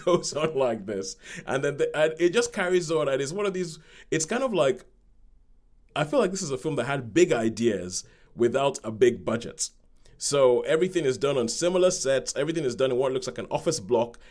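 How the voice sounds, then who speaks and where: A man's voice: mid-range voice, darkish tone. Man giving a rambling film review. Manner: rambling, repeats words, acts out quoted lines. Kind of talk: casual spoken film review.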